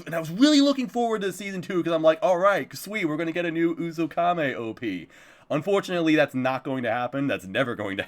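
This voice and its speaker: A man streaming live, chatting casually about upcoming anime, swearing freely and laughing often. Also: medium pitch.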